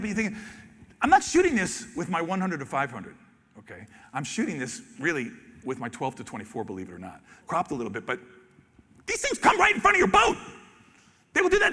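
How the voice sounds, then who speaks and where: A man, a wildlife photographer, telling stories animatedly on stage and acting out reactions with sudden loud exclamations. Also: high voice. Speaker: wildlife photographer giving a talk. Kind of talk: animated storytelling presentation. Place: large expo hall stage. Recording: reverberant hall.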